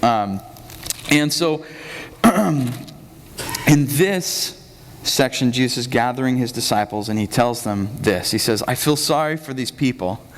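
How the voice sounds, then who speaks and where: A man's voice: mid-range voice, slow pace, pauses often. A man preaching a conversational sermon as the pastor of a church, telling the story casually and acting out the quotes. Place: church sanctuary. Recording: reverberant church hall.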